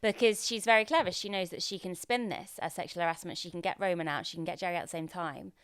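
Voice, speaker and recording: A woman co-hosting a casual TV recap podcast, animated and freely swearing as she talks. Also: fairly low pitch, quick pace, clear, resonant tone, no room sound, clean studio sound. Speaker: podcast co-host. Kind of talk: casual chat recapping a TV episode.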